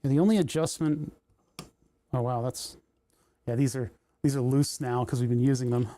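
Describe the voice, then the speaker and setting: A man's voice: mid-range voice, steady tone, normal speed, dark tone, slight background noise. A man hosting a livestream, chatting casually and thinking aloud with joking asides as he solders. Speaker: livestream host building electronics.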